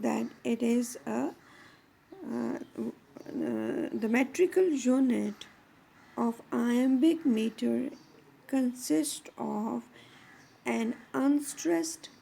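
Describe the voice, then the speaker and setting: A woman teacher giving a measured explanatory lecture on poetry, pausing often between phrases. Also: fairly high pitch, creaky, darkish tone, breathy edge.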